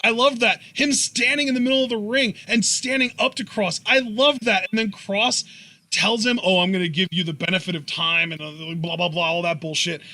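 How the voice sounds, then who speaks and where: A man's voice: high voice, fairly even intonation, moderate pace, sharp tone. A man co-hosting a wrestling review show, blunt and opinionated, swearing freely. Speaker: podcast co-host. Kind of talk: casual wrestling review chat.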